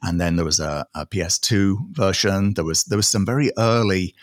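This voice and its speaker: British-sounding man, low voice, dry sound. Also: dry recording. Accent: British with American phrasing. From British Isles. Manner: animated, quick asides and acted-out quotes. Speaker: guest. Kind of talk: casual interview storytelling.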